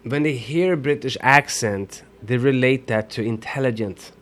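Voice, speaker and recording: Swedish accent guy, earnest, explains stuff plainly, mid-pitch voice. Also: moderate pace, fairly bright tone. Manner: earnest, explanatory, repeats words. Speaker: guest. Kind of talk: casual interview chat.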